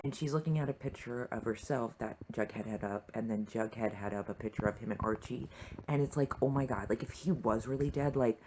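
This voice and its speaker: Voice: medium pitch, brisk, background noise. A young adult fan reviewing a TV episode in a heated, profane rant full of fillers and asides. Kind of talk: reaction rant.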